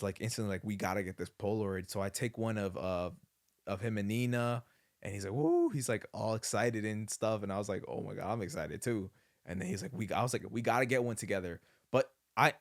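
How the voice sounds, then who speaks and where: Young man, lowish voice, casual rambling storytelling, lots of fillers, excitable. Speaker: podcast host.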